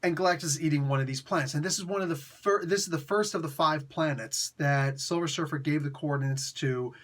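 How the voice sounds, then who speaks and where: A man's voice: fairly high pitch, a little fast. A man giving a casual comic book review, retelling the story in slang and laughing often.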